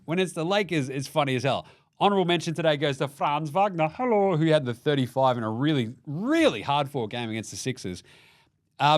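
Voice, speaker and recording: An Australian-accented man hosts a loose basketball recap. He swears freely and jokes his way through the results. His voice sits a little high and swings up and down a lot. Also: no echo, clean studio sound. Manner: profane, animated, jokey rant. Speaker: basketball show host. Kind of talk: casual sports recap.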